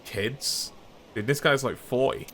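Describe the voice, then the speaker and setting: A man's voice: on the low side, fast, fairly bright tone, slight background noise. A male streamer giving casual, self-deprecating let's-play commentary while reading game dialogue aloud. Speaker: streamer playing a video game.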